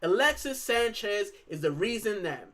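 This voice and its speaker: High, bright-voiced man chatting casually. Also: normal speed. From Puerto Rico. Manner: animated, rambling, fillers and repeated "bro". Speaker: football channel host. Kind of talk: casual fan chat. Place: lives in the UK.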